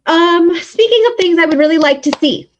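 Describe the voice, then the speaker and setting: A woman co-hosting a book podcast in casual chat, lively and quick to act out characters. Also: very high-pitched, slight background noise. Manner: lively, acts out characters in quick put-on lines. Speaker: podcast co-host. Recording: slightly dull lo-fi audio.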